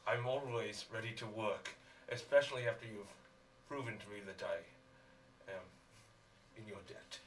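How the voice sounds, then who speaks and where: A man playing a pompous cyborg loyal to his queen, with a halting, haughty delivery. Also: on the low side, distant mic, slight background noise, close to an everyday voice.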